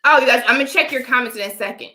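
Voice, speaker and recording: Talking very fast in a slightly high, pushed, bright voice, a young adult woman holds a casual opinion livestream, preaching to her live chat. A dry allergy cough interrupts her, and she keeps asking "all right?". The recording is reverberant and rough.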